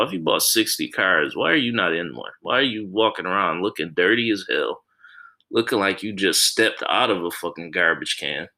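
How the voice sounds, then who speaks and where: A man's voice: low voice, lively intonation, moderate pace, pushed and bright. A man hosting a solo podcast, talking in a blunt, profane, casual way with many restarts. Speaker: podcast host.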